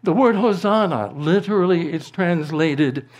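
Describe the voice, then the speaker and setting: Slow, deliberate male preacher. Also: lively intonation. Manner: slow and deliberate, rising to emphatic high-pitched proclamations, dropping to a hush. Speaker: pastor. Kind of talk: sermon.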